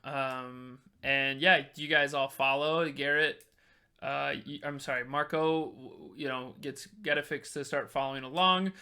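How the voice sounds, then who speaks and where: Bright-voiced casual game master man. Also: mid-range voice, steady tone, measured pace, clean tone. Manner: casual, swearing, laughing often. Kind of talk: narrating a tabletop game.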